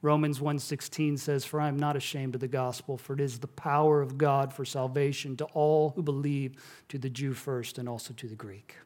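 A middle-aged male pastor preaching a sermon, telling stories in a conversational way and dropping soft and low on key words. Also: level tone, normal speed.

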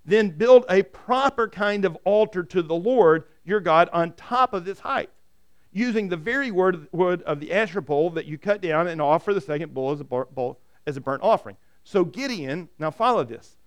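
Male pastor, high clear voice, animated storytelling sermon. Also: moderate pace. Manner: animated storytelling, repeats words when starting.

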